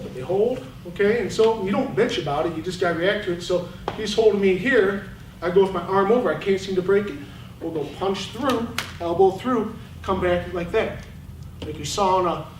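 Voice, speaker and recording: Fired-up football coach, distant and roomy. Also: male voice, high-pitched. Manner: animated, blunt, fired up. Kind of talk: coaching clinic talk over game film. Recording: roomy, distant mic, faint noise.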